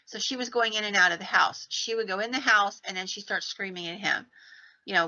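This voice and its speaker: A woman, hosting a podcast and telling ghost stories in a casual, animated way. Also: medium pitch, fairly quick. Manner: animated retelling, acts out quoted lines in her own voice. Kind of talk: casual storytelling. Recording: slightly dull lo-fi podcast audio.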